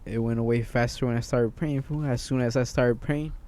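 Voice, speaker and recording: Young man chiming in, mellow tone. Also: medium pitch, steady tone, fairly quick, slight background noise. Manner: chiming in with short asides, slangy. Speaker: podcast co-host. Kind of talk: casual chat.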